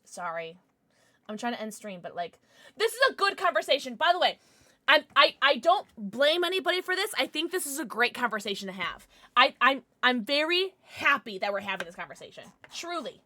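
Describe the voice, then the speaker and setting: A woman's voice: high-pitched, sing-song, fairly quick, pushed and bright, no echo. A young adult woman streaming live, chatting passionately with her chat and swearing freely.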